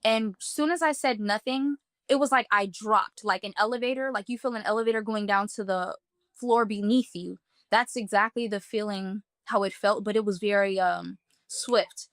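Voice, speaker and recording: A woman's voice: mid-range voice, normal speed, a bit bright, dry recording, clean studio sound. A woman earnestly recounting a personal experience in vivid first-person detail, talking casually with many "like" fillers. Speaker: guest telling a personal testimony. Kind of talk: emotional first-person storytelling.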